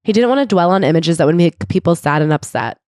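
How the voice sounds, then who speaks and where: A woman co-hosting a podcast in casual book club chat, jokey and quick to laugh. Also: on the low side, expressive, a little mellow, no echo, studio quality. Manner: jokey, laughs often, quotes people in put-on voices. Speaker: podcast co-host.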